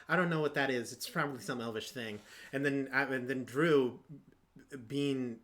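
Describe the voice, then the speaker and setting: A man who plays in a tabletop game chatting casually and joking with the other players. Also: normal speed. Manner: animated, jokey, swinging pitch. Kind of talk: casual chat.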